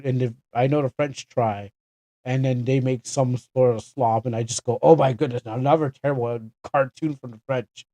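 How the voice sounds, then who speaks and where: A man's voice: mid-range voice, warm tone, dry recording. A young Canadian man chatting casually on a game livestream, rambling and correcting himself with chuckling asides. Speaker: streamer.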